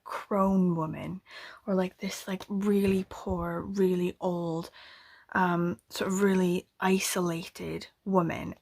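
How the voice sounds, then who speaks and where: A woman book vlogger retelling history in a loose, chatty way, full of fillers and self-deprecating asides, sometimes dropping into hushed whispers. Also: fairly low pitch, vocal fry, slightly rough.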